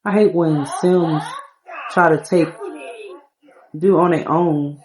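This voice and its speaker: A woman's voice: low-pitched, steady tone, takes it slowly, darkish tone, a little hiss or hum. Young female gaming streamer, chatty, a bit exasperated. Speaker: game streamer. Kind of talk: casual gameplay commentary.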